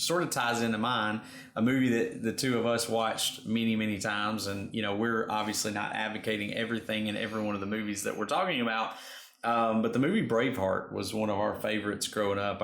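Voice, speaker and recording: Host: man, low gravelly voice, reflective, lots of fillers. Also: fairly bright tone, reverberant. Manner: reflective, thinks aloud with many fillers. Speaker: podcast co-host. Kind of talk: casual chat.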